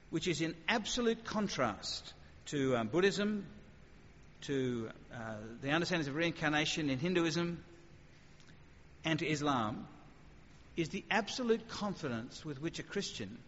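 Brief: man preaching to a live audience, animated and conversational, a fairly high voice, muffled hall recording with a long reverb tail. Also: breathy edge. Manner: animated, conversational, sudden acted asides. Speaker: speaker. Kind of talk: evangelistic talk with questions.

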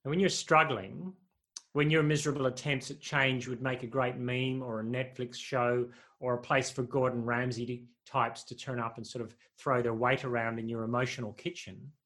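A man's voice: medium pitch, fairly bright tone. Humorous, conversational male preacher. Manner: conversational, humorous, asks the congregation questions. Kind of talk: sermon.

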